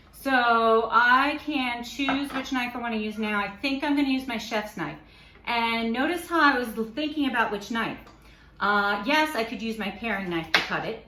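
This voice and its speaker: A woman's voice: fairly high pitch, pushed and bright. A woman teaching a cooking lesson, walking through each step with patient explanations. Her voice sits in a roomy kitchen with some echo. A faint hum runs underneath. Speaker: cooking instructor. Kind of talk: kitchen demonstration.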